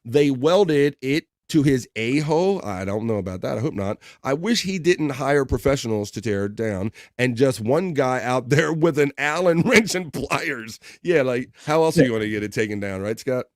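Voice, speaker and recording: A man's voice: medium pitch, animated, moderate pace, hardly any pauses, no echo. Guy hosting a live stream show, laughing and riffing on chat comments, medium voice, super dry mic. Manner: jokey, laughs often, reads chat aloud. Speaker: livestream host. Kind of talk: casual chat reading viewer comments.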